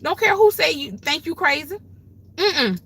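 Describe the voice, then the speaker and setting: A woman's voice: sits high, sing-song, measured pace, fairly bright tone. Emphatic grandmother giving folksy advice. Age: older. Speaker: livestream host. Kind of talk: casual livestream talk, preachy advice.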